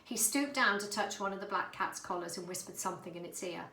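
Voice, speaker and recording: Bright woman reading a storybook aloud. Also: medium pitch, fast talker, reverberant, low-quality recording. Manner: expressive, dramatic. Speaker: narrator.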